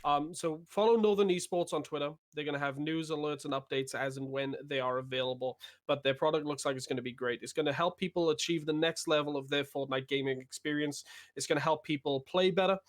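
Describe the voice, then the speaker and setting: A man's voice: fairly high pitch, fairly even intonation, fairly quick, few pauses. A man co-casting a live esports tournament, chatty and wordy with a self-deprecating edge. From United Kingdom. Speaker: esports co-caster. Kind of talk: live game commentary.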